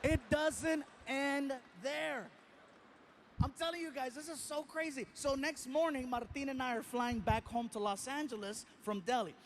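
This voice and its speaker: A man performing a stand-up comedy routine, telling a story with animated, playful impressions of the people in it. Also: very high voice, unhurried, a little hiss or hum.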